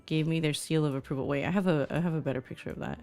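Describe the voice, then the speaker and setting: A woman's voice: low-pitched, very fast, darkish tone, faint music behind. A young woman VTuber chatting casually on stream, gushing and reading chat aloud.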